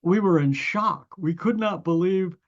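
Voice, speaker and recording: With the highs cut off, the audio catches a high, slightly slow voice belonging to an older musician from Ohio, USA. He's a guest doing conversational storytelling, and his long anecdotes wander with restarts and fillers as he performs other people's lines.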